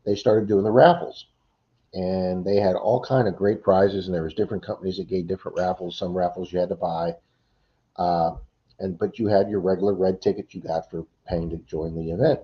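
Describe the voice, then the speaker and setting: A man's voice: low-pitched, fairly even intonation, brisk. A man hosting a live stream, telling a long story casually with many "uh"s and restarts. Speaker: livestream host. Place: home computer setup. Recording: dull lo-fi stream audio.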